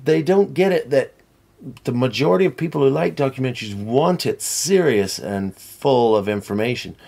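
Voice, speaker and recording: Gravelly rambling middle-aged man. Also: mid-range voice, normal speed. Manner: rambling, tangential, animated storytelling. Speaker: guest. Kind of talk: casual chat.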